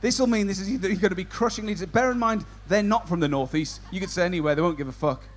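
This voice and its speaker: A man's voice: sits high, very fast. A man compering a stand-up comedy show, doing cheeky banter with the audience. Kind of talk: crowd work stand-up.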